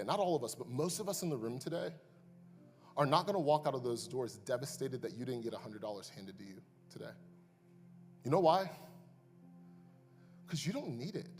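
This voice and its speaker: A man preaching a sermon as pastor, moving between hushed asides and loud, impassioned climaxes. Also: mid-range voice. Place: church sanctuary. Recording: long reverb, faint music behind.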